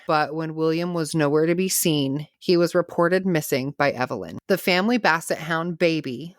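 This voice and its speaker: A woman's voice: sits low, no room sound, clean studio sound. A woman hosting a true crime podcast, reading out a case with casual asides and laughs. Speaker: podcast host.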